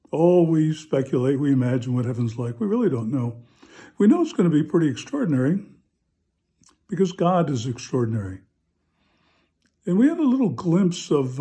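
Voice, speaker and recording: A man, a parish priest, telling a humorous story in a relaxed, chatty homily, pausing often with "uh.". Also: mid-range voice, husky.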